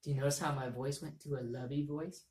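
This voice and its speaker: A woman's voice: a bass voice, steady tone, quick pace, darkish tone. A woman teacher giving a reading lesson to young students, explaining patiently and repeating key points. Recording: echoey room.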